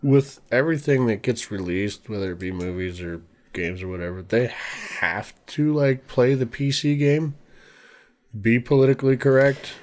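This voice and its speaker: A man's voice: medium pitch, animated, normal speed. A man co-hosting a podcast in casual chat, easygoing and teasing, often giving short replies. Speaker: podcast co-host.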